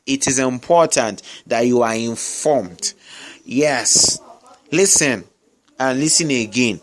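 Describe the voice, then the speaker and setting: Brief: male public speaking coach, mid-pitched voice, repeats himself for emphasis, webinar talk. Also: slow. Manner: emphatic, repeats key phrases, frequent "I get me?" check-ins. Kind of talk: webinar teaching. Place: noisy surroundings with distractions.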